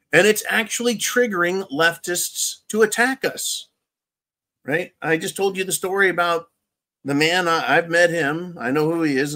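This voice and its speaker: A man's voice: high-pitched, a bit bright. A man hosting a casual political commentary livestream, rambling and sarcastic as he reads viewer chat. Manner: rambling and sarcastic, with chuckles and mocking asides. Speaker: livestream show host reading viewer chat.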